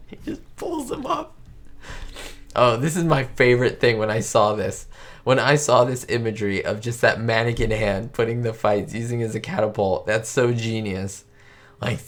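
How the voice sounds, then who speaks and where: A man hosting a live stream, reacting to an old comedy with frequent laughter and exclamations and talking straight to his viewers. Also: medium pitch. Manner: giddy, laughs often, exclamatory; chats directly to viewers. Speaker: channel host.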